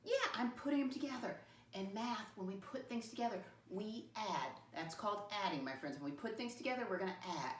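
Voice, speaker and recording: Woman teacher, animated sing-song delivery for small kids, recorded roomy and off-mic. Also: medium pitch, a little hiss or hum. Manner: sing-song, slow and deliberate, spells words out. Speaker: first grade teacher. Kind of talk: classroom lesson to young children. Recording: roomy classroom, mic at a distance.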